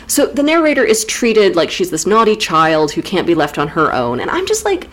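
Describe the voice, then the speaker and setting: A woman's voice: fairly high pitch, huge pitch swings, normal speed, few pauses. A woman co-hosting a podcast, recapping a classic novel in casual, jokey chat with frequent laughs. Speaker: podcast co-host.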